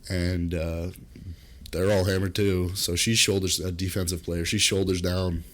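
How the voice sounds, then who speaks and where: On a casual podcast, a young male co-host with a very deep voice rambles through a story about a party, speaking a little slowly. He's an animated storyteller who swears freely, drops comic deadpan asides, and keeps leaping into loud, shrill acted-out quotes.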